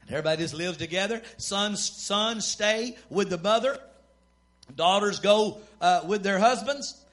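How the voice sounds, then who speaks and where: A man preaching a sermon in a folksy, emphatic manner, building from plain storytelling to shouting. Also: sits high, moderate pace.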